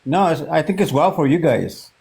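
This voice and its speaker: A man's voice: on the high side, expressive, moderate pace, vocal fry, darkish tone, poor audio. A man arguing politics, stubborn and defensive, repeating his points over and over. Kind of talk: heated political debate.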